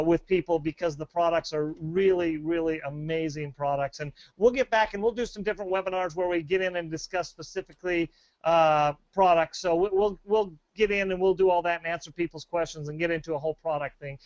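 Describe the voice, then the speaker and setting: An upbeat man with a fairly high voice pitches products on a webinar. He rambles with plenty of fillers and false starts. The sound is close and dry, with no room around it. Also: fairly even intonation, a little fast, no echo, highs cut off. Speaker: webinar presenter.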